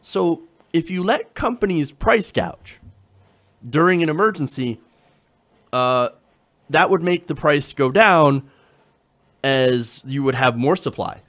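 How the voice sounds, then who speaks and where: A man's voice: a little high, animated, slow pace, pauses often, fairly bright tone. A man hosting casual political commentary, talking conversationally with sarcasm and frequent fillers.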